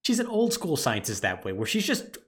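A man's voice: on the high side, fairly quick, a little hiss or hum. A man co-hosting a podcast, recapping a plot in a casual chat and laughing often. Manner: animated storytelling recap with laughter. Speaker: podcast co-host.

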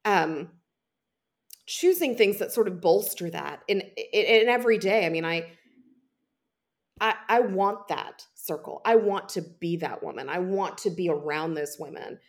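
A woman's voice: fairly low pitch, animated, a little slow. A middle-aged woman, a podcast guest, speaking candidly and reflectively. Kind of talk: casual podcast interview.

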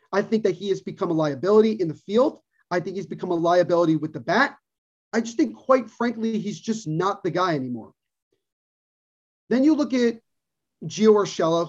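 Heard through dull lo-fi podcast sound, this man's high, slightly mellow voice carries a heated sports rant. As a co-host, he keeps hammering his points by repeating them, casual and full of opinion.

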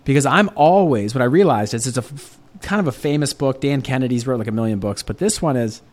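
Man, podcast host, middle pitch, eager, conversational, casual chat. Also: lively intonation, fast, darkish tone.

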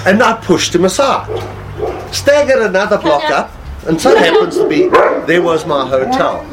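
A man's voice: high-pitched, slow pace, pauses often, heavy background noise. A man casually telling a long anecdote as a guest, laughing often as he talks. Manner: animated storyteller, laughs while talking.

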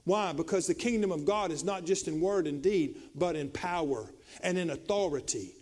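Brief: male pastor, very high pitch, repetitive preaching that rises to shouts. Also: moderate pace. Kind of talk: sermon.

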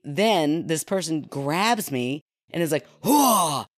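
A woman from Kentucky telling a story in casual podcast chat, animated and often laughing as she talks. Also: low voice, takes it slowly, no echo, studio quality.

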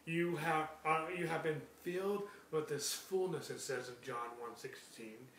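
A man's voice: fairly high pitch, measured pace, fairly bright tone. A man preaching in an emphatic way, repeating his key phrases for the listeners. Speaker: Bible teacher. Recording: echoey room, distant mic, faint noise.

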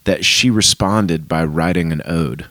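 A man hosting a casual podcast, telling stories with animated swings up into a high voice for emphasis. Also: a little slow, no room sound. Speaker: podcast host.

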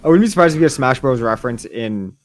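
A man with a mid-range voice co-hosting a podcast. He gets excited and hyped up and talks like an eager fan. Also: medium pitch, very fast. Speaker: podcast co-host. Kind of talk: casual chat.

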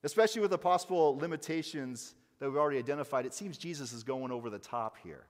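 A male pastor preaching a sermon in a church, emphatic, rising to loud stresses and dropping to quiet asides. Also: medium pitch, quick pace, big-room sound.

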